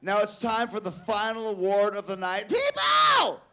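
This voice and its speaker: A man hosting a live awards show on stage, loud and theatrical as he shouts to the crowd. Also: sits high, flat delivery, normal speed, clear, resonant tone.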